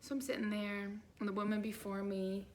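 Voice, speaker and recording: A woman life coach telling a story to camera in an animated, chatty way, full of "like" and "right?". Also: mid-range voice, brisk, a little hiss or hum.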